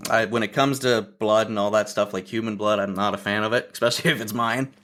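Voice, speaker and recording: A man's voice: on the low side, fast talker. Man from Ontario telling hunting stories. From Ontario, Canada. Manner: lively storyteller who acts out other people's quotes. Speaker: podcast guest. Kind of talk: casual hunting storytelling.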